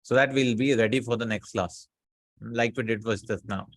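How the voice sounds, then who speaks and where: A man teaching Arabic grammar in a casual class, explaining slowly and often checking with students. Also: medium pitch, dry recording.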